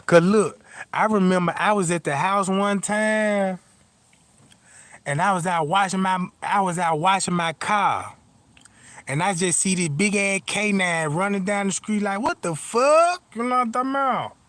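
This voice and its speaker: A man's voice: high voice, fairly even intonation, a little slow, a bit bright. A man telling profane comic stories in a stand-up style, constantly asking "you know what I'm talking about". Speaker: comedian. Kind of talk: stand-up storytelling.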